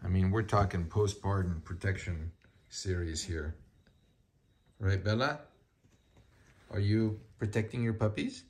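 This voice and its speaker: A man's voice: deep voice, unhurried, long pauses. A man filming his dog's puppies, talking to them in cooing baby talk between casual narration. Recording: loud background noise. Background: puppies and dogs.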